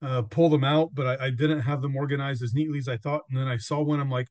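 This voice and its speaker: A man's voice: medium pitch, steady tone, fast, hardly any pauses, darkish tone, dry recording, dull audio. A man hosting a podcast in casual chat, rambling and laughing often. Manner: rambling, laughing often, quotes himself and others. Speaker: podcast host.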